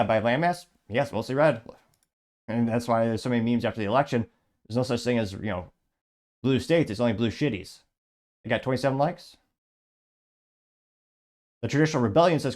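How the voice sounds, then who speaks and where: With a mid-range, slightly mellow voice, this host from Illinois works through social media posts on a commentary show. He reads each one aloud, then wanders into sarcastic asides, restarting himself often.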